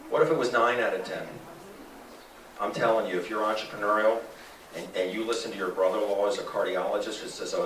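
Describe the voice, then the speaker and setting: A man giving an animated sales presentation to a live audience, asking the room questions. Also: on the low side, a little hiss or hum. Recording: echoey room from a distance.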